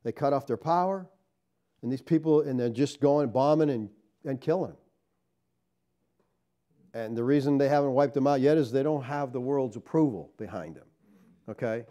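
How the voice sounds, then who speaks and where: A man preaching a sermon as pastor, animated, tossing rhetorical questions to his congregation and swinging between loud emphatic lines and low asides. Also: normal speed, long pauses, muffled recording.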